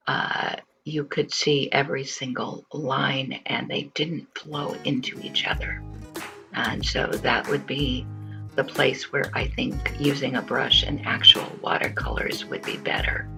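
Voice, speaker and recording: A woman vlogger and artist talking casually and candidly, calmly assessing her own work. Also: very deep voice, slow, gravelly, soft background music, rough recording. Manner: candid, plainspoken self-assessment with small fillers. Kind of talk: casual reflective narration.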